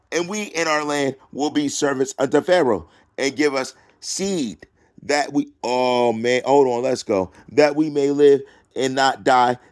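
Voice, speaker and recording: A man reading scripture aloud and breaking off into loud preaching and taunting, drawling slowly through the verses. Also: mid-range voice. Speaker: self-styled preacher.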